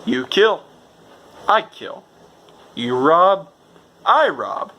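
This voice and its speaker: Man doing a ruthless outlaw boss, bright voice, deliberate menacing reads. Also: on the high side, big pitch swings, pitched above the performer's own voice, full character voice, rough recording.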